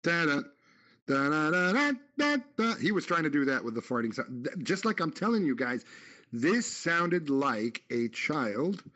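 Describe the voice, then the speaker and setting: A man's voice: mid-range voice, expressive, moderate pace, a bit bright, highs cut off. A man co-hosting a goofy radio chat show, joking and hamming it up like a mock announcer. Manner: playful, sing-song, mock announcer. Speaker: co-host.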